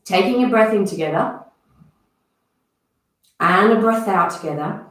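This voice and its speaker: A woman's voice: medium pitch, a little slow, distant mic. Woman teaching breathwork in a very echoey room. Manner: instructive, counting out movements and breath cues. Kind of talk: guided movement and breathing class.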